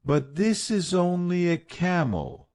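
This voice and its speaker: A man's voice: high-pitched, very animated, slow pace, a little mellow, dry recording, studio quality, pitched above the performer's own voice, exaggerated voice. A man playing a timid, nervous tea seller. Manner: nervous, pleading.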